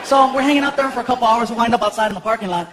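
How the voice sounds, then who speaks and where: A man from Los Angeles doing a stand-up comedy routine, telling animated, self-mocking stories on a theater stage. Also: very high voice, racing, very noisy. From Los Angeles, USA. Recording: echoey theater with roaring crowd.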